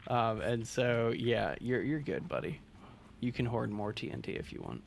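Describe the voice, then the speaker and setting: A young man streams a game and rambles to his viewers in a loose, casual way, full of fillers and restarts. His pitch sits in the middle for a man, and a faint hiss runs under the recording. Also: sing-song, moderate pace, gravelly. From Southern California. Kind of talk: casual gameplay chat with live viewers.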